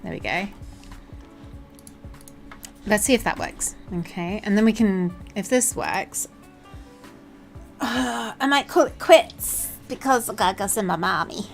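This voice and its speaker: A woman's voice: mid-range voice, animated, measured pace, creaky, long pauses, faint music behind. A woman with a southern English accent chatting casually while she codes on a livestream, playful and joking. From England. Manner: playful, chatty, slips into silly voices and jokes. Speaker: software developer streaming her coding.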